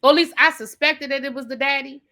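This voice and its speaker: A woman with a bright, forceful voice gives a casual recap of a TV episode. She talks chattily and dramatically, as if sharing gossip. She often calls the listener "baby". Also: sits high, fairly even intonation, fast talker. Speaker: TV review host.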